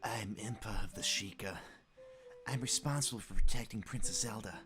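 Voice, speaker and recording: Game figure: mopey emo guardian woman, low, flat, quiet mumble, done by a woman. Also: moderate pace, over music. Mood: gloomy. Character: gloomy moody female guardian warrior.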